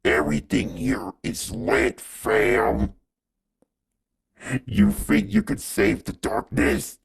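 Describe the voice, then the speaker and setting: A man voicing a menacing male villain in a fan animation cutscene, making slow, drawn-out, half-whispered threats in a raspy voice. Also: medium pitch, big pitch swings, heavily acted.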